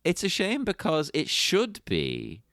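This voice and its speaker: A man co-hosting a podcast in casual chat, animated and quick to laugh, often mimicking lines of dialogue. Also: fairly high pitch, dry recording, clean studio sound. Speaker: podcast co-host.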